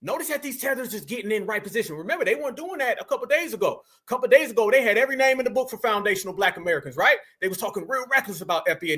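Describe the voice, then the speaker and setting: A man giving mocking reaction commentary on a video clip, emphatic and shouting at times. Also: sits high, expressive, racing, few pauses, husky.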